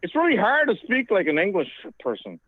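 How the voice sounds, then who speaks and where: A man's voice: high-pitched, huge pitch swings, no room sound. A man who rambles and hesitates while he chats on a call. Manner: rambling, halting. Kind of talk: casual chat. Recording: tinny dry phone line.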